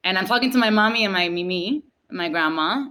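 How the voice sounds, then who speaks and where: A Cuban-American woman hosting a podcast, telling stories in an animated way and mixing Spanish into her English. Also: mid-range voice, a little fast. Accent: Cuban-American Miami. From Cuba, raised in Miami. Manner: animated, mixes Spanish into English, lively storytelling. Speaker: podcast host. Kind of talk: casual chat.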